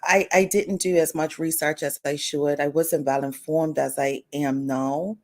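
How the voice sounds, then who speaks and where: A woman co-hosting a talk show in a notably low voice. She talks thoughtfully and a bit hesitantly, pausing with ums. The tone is casual studio conversation. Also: fairly even intonation, a little mellow.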